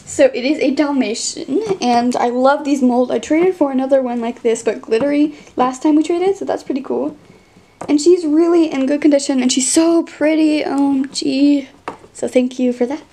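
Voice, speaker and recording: A woman hosting a casual unboxing vlog, excitable and gushing as she opens toys, with plastic bags crinkling behind her. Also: high voice, moderate pace, slight background noise. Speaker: toy collector and channel host.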